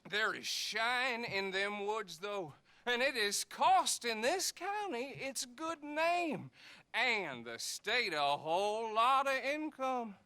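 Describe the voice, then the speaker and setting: An actor playing a pompous small-town sheriff in a western game, talking down to others. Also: male voice, very high voice, expressive, slow pace, bright, forceful tone, heavily acted. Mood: smug.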